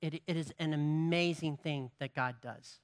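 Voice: medium pitch, steady tone, normal speed. A pastor preaching a sermon to a congregation, asking rhetorical questions and building to emphatic, repeated lines. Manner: preaching with rising emphatic passages and repetition.

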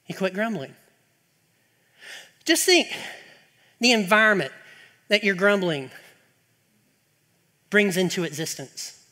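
In a church sanctuary, a middle-aged pastor delivers a sermon, his high, bright voice carried by a long hall reverb. He launches into animated, exasperated rants packed with rhetorical questions before returning to earnest teaching.

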